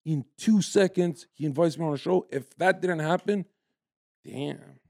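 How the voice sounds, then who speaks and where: A young man from Canada with a gravelly, fry-laced voice pitched a little high, and a warm, mellow tone. He talks in a brash, profane way, charging through animated stories as a podcast guest. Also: a little slow, no room sound, studio quality. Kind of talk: casual podcast chat.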